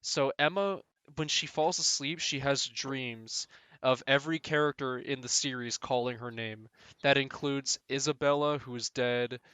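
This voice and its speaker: A man's voice: medium pitch, steady tone, measured pace, bright, forceful tone, clear, resonant tone, no room sound. A man co-hosting a casual podcast, recapping a manga chapter and ranting in exasperation, laughing often. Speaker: podcast co-host.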